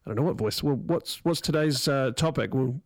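A man's voice: medium pitch, fairly quick, dry recording, clean studio sound. A man hosting a radio show, chatting casually and rambling a bit as he introduces his guest. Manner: chatty, self-deprecating, rambling. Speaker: radio host.

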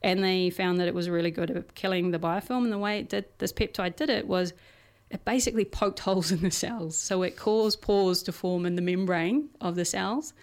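A woman's voice: lowish voice, normal speed, few pauses, a little mellow. A woman co-hosting a casual science podcast, explaining research in a chatty way with everyday examples and frequent fillers.

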